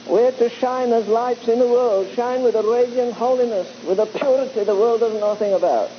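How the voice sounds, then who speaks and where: A man's voice: extremely high pitch, normal speed. A man preaching to a live congregation in a church, conversational and exhorting, teasing his listeners. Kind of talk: sermon. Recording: dull lo-fi recording with faint hiss.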